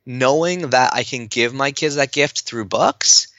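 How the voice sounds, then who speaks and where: A man talking as a podcast guest, animated and fast, with lots of fillers and restarts. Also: mid-range voice, no echo, dull audio. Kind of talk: enthusiastic conversational interview.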